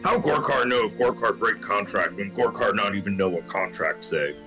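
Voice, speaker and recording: A man's voice: lowish voice, normal speed, bright, forceful tone, faint music behind. A man voicing a brutish arena fighter who speaks in broken grammar and refers to himself by name. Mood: puzzled.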